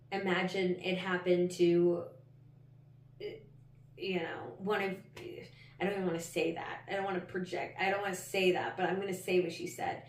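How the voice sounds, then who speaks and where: A woman hosting her own podcast, telling a personal story in a candid, rambling way, full of "like" and the odd swear word. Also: on the low side. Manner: candid and rambling, heavy use of "like", frequent swearing. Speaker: podcast host. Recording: roomy, slightly distant mic.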